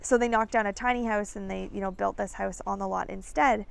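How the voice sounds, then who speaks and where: A woman in her thirties, a podcast host telling a story in an animated, chatty way. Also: mid-range voice, a little fast, creaky, smooth. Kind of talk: casual storytelling chat.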